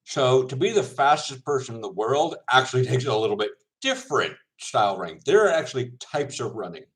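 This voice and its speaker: A man in a loose, casual chat to his viewers, rambling from point to point and breaking into laughs. He talks with his mouth full, so his words are a little thick. His voice sits at a mid pitch. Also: very animated, fairly quick, fairly bright tone, poor audio. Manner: rambling, laughs often, self-correcting. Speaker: semi-pro football linebacker vlogger.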